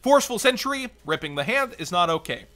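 A man hosting a card game channel, giving quick blunt verdicts in casual commentary while his voice is going. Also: high-pitched, sing-song, sharp tone. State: losing his voice.

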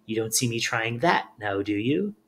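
A man voicing a blunt, loyal male crow who talks in a dry, unhurried way. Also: mid-range voice, big pitch swings, a bit bright.

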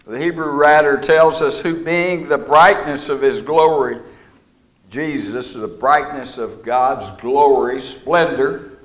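A middle-aged man preaching a sermon, folksy and deliberate, leaning on key words. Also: fairly high pitch.

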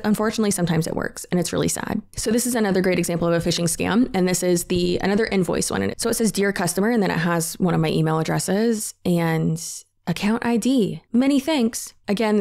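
Creaky, animated young woman vlogger. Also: medium pitch. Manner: animated, jokey, reads out texts in a sarcastic voice. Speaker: online creator. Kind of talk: casual to-camera storytelling.

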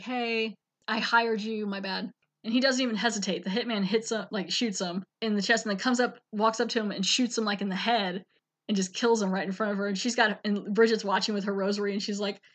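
A woman's voice: medium pitch, a bit bright. A woman hosting a podcast, chattily recapping an episode and acting out the characters' lines. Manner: chatty, acts out quotes. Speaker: podcast host.

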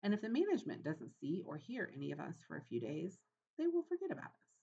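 A woman's voice: on the low side, wildly swooping pitch, fast talker, vocal fry, dark tone, highs cut off, heavily acted. A woman voicing a bold, self-assured young boy mouse. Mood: eager.

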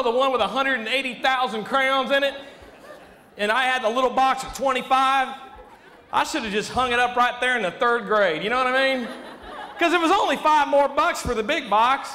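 A man doing a high-energy stand-up comedy set on a live club stage, rambling and chuckling often. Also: pushed and bright. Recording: echoey hall with audible noise.

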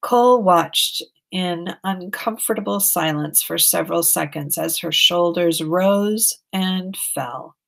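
A woman narrating an audiobook in a plain, steady storytelling manner. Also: on the low side, slow, vocal fry, few pauses. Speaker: audiobook reader.

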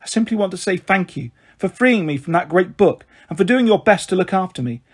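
A man's voice: sits high, lively intonation, fairly quick, husky. A man voicing a proud, centuries-old female flower fairy in a storybook reading, with grand old-fashioned phrasing. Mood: gracious. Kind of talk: storybook read-aloud.

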